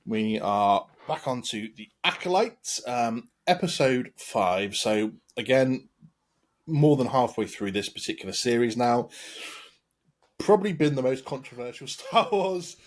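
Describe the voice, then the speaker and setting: English man, podcast host, husky voice, rambling chat full of ums. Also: mid-range voice, lively intonation, measured pace. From England. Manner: rambling, with many ums and restarts. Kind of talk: casual chat.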